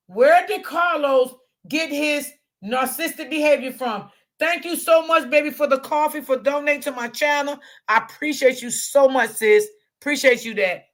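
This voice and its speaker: A woman hosting a casual livestream commentary channel, talking straight to her chat, loud, profane and often laughing. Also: high voice.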